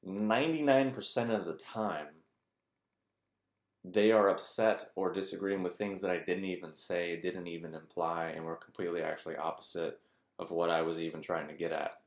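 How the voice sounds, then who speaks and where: This deep-voiced man, a spiritual teacher and YouTuber, talks casually to his channel's viewers in a monologue to camera. He rambles loosely at a moderate pace, steady in tone, filling his thoughts with "like" and "kind of," and the sound is roomy.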